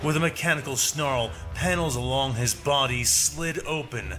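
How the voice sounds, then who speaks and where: Man, story narration, dramatic measured reading, middle pitch, background music.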